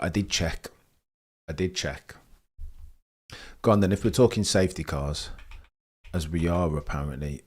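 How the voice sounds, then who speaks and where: A young man hosts a live motor-racing stream, reading out viewer messages and riffing on them. His voice sits low and deep, and his delivery stays chatty and jokey. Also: unhurried, pauses often, a little mellow, slightly rough. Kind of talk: live race commentary and chat reading.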